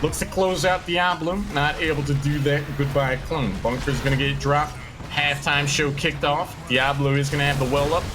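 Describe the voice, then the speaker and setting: High-voiced esports play-by-play caster. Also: male voice, steady tone, background noise. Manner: quick, punchy play calls with wry quips.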